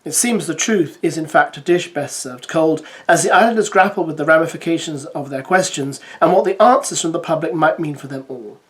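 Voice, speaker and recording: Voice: medium pitch, fairly quick, hardly any pauses. A reality TV commentator doing a recap, reading out summaries with wry, chatty asides to viewers.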